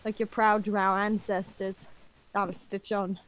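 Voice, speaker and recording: A woman's voice: medium pitch, level tone, unhurried. A woman playing a tabletop game over voice chat, trading wry, teasing banter. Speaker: player. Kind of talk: casual tabletop play.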